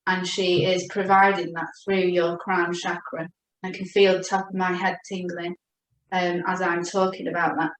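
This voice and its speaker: A woman giving a gentle, reassuring spiritual chakra reading as a coach. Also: fairly low pitch, flat delivery. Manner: gentle, reassuring, speaks slowly when addressing her guide. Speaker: oracle card reader and coach. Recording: echoey room.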